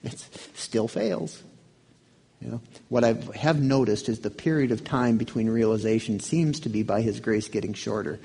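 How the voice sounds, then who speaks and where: A man's voice: mid-range voice, normal speed, creaky, mellow, husky. A man preaching a sermon in a conversational way, asking his listeners questions. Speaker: pastor.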